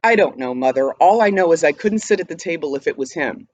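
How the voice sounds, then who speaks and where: A woman's voice: low voice, expressive, quick pace, no echo. A woman reading as a shy, pleading daughter. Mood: timid. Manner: pleading, timid. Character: shy, fearful young woman, fragile daughter.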